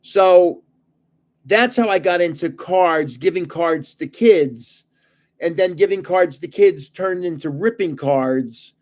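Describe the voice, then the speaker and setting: A man's voice: high voice, takes it slowly, darkish tone. An older man hosting a casual livestream, telling rambling stories and chuckling often. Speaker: channel host giving away trading cards.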